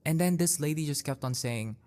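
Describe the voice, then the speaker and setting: This podcast host is a young man with a fairly high-pitched, dark-toned voice. His casual storytelling monologue about his own life is unhurried and packed with "like," filler words and restarts.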